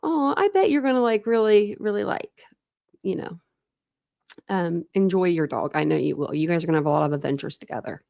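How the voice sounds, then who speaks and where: A chatty woman in her thirties talks casually to her livestream viewers, greeting them by name and laughing often. Her voice sits a little low, and the sound is dry and close. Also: fairly even intonation, brisk, vocal fry, dark tone, no echo. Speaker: true crime livestream host.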